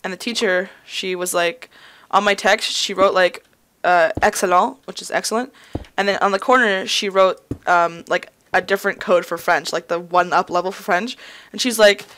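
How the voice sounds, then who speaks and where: A woman's voice: mid-range voice, steady tone, moderate pace, a bit bright. A young woman in her college years chatting and rambling to herself while hosting casual gameplay commentary. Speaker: gaming video host.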